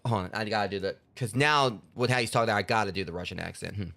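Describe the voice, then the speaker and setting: A man's voice: on the low side, quick pace, gravelly, few pauses, bright, forceful tone. A man hosting a gaming channel, rambling and joking through casual let's play commentary. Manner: rambling, joking, lots of fillers.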